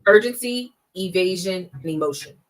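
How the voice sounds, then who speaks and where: A woman's voice: lowish voice, expressive, low-quality recording. A woman in her thirties, a guest expert on a podcast, explaining fraud warning signs in an emphatic, conversational way. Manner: emphatic, acts out scam calls in quick bursts.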